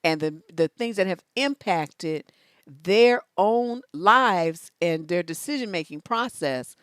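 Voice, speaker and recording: A woman relationship coach giving casual live-stream advice, sassy and animated, laughing often as she talks. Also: lowish voice, slow pace, no room sound, clean studio sound.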